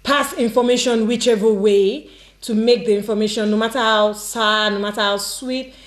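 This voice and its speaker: Female panel guest, higher pitch, earnest and repetitive adviser, roomy echo. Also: fairly even intonation, normal speed. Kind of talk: faith-based panel discussion. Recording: echoey room.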